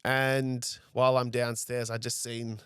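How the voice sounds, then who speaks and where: A man's voice: mid-range voice, level tone, measured pace, a bit bright, clean tone, dry recording, clean studio sound. A young man, telling a story as a podcast guest in a casual, rambling way. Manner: rambling, frequent "like" and "I was like".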